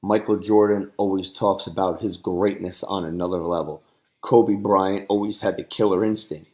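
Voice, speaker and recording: Low-voiced upbeat podcast host. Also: male voice, fairly even intonation, normal speed, darkish tone. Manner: upbeat, chimes in with frequent agreements. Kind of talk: conversational interviewing.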